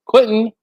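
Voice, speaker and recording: A gravelly-voiced man, hot and sweaty, hosts a casual livestream in a warm home garage with a fan and air handler. He chats, reads viewer comments aloud, and laughs often, his pitch swinging lively. No room sound comes through, and the highs are cut off.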